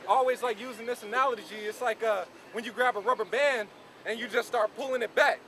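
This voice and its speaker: A man's voice: extremely high pitch, fast, a bit bright. A man preaching outdoors on a street, commenting on scripture with emphatic, repetitive phrasing. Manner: emphatic, repeats "man" and "you know". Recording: outdoor street with crowd noise.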